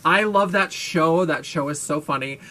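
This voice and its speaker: A man's voice: on the high side, moderate pace, sharp tone. A man vlogging in a casual monologue, gushing, playful and self-mocking, with a brash, blaring voice.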